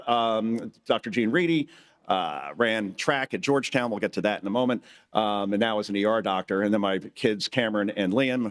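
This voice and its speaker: A middle-aged man giving a live speech at a conference, telling jokey stories and acting out quotes in changing voices. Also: fairly low pitch. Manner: joking storyteller who acts out quotes in shifting voices. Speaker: conference speaker. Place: conference hall stage.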